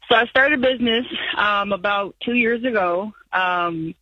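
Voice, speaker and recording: A woman's voice: mid-range voice, normal speed, husky, no echo. Woman caller, anxious, rambling, muffled phone line, dry sound. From San Diego. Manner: anxious, rambling, nervous laughs. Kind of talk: phone-in call.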